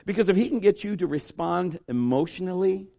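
A middle-aged male pastor delivering a sermon, animated and story-driven, with a notably high voice. He slips into other people's voices as he tells the story. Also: brisk, creaky.

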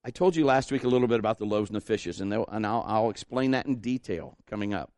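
A pastor delivers a fervent sermon, his man's voice carrying a gravelly edge. He exhorts the congregation and swells to emphatic peaks before leading them in prayer. The sound is close and dry, with no room echo. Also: lowish voice, lively intonation, fast talker, darkish tone. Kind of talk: sermon with altar call prayer.

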